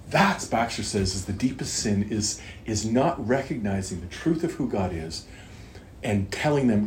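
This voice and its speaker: A man's voice: on the low side, animated, unhurried, a little mellow, a little hiss or hum. A middle-aged man talking earnestly and at length in a casual faith conversation, circling back and stressing his points. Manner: earnest, rambling, emphatic. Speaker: podcast co-host. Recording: echoey room, faint ambience.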